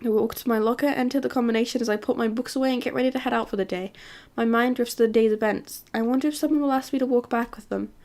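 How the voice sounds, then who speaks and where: A woman's voice: fairly high pitch, steady tone, fast talker, a little mellow. Jokey woman streamer reading a dating game. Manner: joking, self-mocking asides. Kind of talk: casual game narration.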